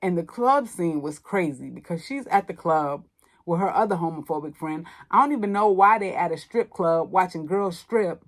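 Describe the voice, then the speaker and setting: Animated woman retelling a movie plot. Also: lowish voice, normal speed. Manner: animated storytelling, acts out characters' lines. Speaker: podcast host. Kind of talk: casual movie review monologue.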